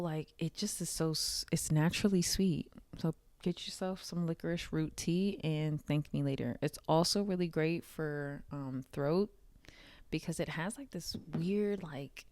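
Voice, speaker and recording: A woman chats candidly in a casual vlog, her speech full of fillers and loose asides. Her voice sits low and comes out smooth and clear, with slow, unhurried delivery. The sound is close and dry, with no room around it. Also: darkish tone, dry recording. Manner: chatty, candid, swears, laughs often, frequent "like" fillers. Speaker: vlogger. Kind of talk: casual talking-head vlog.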